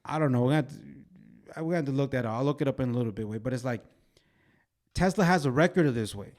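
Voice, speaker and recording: A man in his twenties co-hosts a podcast, telling animated stories fast in a medium-pitched voice. The chat is casual and full of fillers like "way" and "bro."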